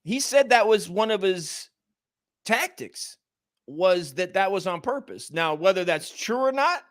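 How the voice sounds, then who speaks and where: American male co-host, raised pitch, rambling, cursing, casual podcast banter. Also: lively intonation, a little slow. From United States. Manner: rambling, profane, trails off often. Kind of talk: casual comedy podcast chat.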